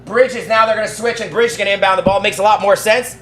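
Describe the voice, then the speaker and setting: Guy doing fan play-by-play of a basketball game, really high voice, echoey room, fast excited calls. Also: a little hiss or hum. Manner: rapid excited calls that rise to shouting at big plays. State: out of breath. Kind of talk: live play-by-play commentary.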